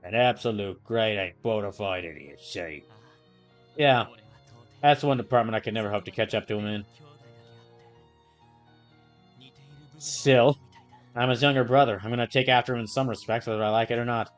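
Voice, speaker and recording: Man doing a low gravelly gangster voice, older-brother tough guy, quiet and gruff, tacks on a "see?", voicing game dialogue. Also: a little fast, faint music behind, lightly acted. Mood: taunting. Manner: ends lines with a gangster-style "see?".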